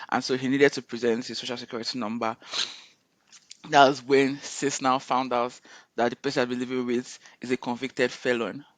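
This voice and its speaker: A man retelling a viral story in a casual, animated way, often quoting people and laughing. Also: mid-range voice, dry recording. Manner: animated retelling with frequent laughter and quoted voices. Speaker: co-host reviewing a viral video series.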